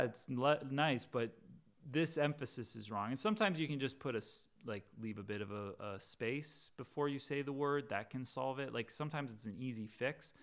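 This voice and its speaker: A man's voice: medium pitch, fairly bright tone, clear, resonant tone. A man casually breaking down one of his songs, talking it through and singing lines on guitar. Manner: chatty, self-interrupting, breaks into singing lines. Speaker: songwriter teaching his own song.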